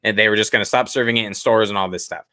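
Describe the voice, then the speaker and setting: A man telling a self-deprecating story in a casual podcast chat, laughing often along the way. His voice is bright and forward, recorded dry and close. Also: fairly low pitch, fairly even intonation, racing, dry recording. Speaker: podcast co-host.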